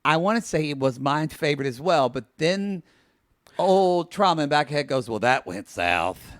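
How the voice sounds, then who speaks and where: A man's voice: fairly high pitch, normal speed, no room sound, studio quality. A man co-hosting a podcast, chatting casually and wryly about a reality show and holding firmly to his points. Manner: chatty, insistent, wry. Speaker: podcast co-host.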